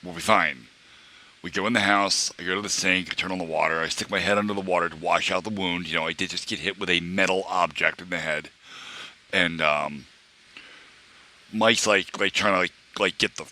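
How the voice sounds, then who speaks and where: Young guy streamer rambling a story to chat, real low voice but kinda bright and forceful, lots of um and like. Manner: rambling, many fillers and restarts; quotes others in raised voice.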